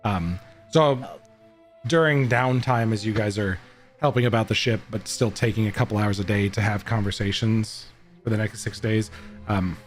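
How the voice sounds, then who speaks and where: A man running a tabletop game online as game master, explaining rules and narrating in a relaxed way with plenty of fillers. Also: fairly low pitch, moderate pace, soft background music.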